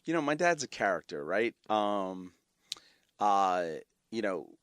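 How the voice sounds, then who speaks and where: Guest spot: middle-aged New York man, low voice, dry close sound, animated storyteller. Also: a little slow, clean tone, dry recording. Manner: animated, repeats words, many fillers. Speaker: guest, company founder and CEO. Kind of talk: emotional storytelling in conversation.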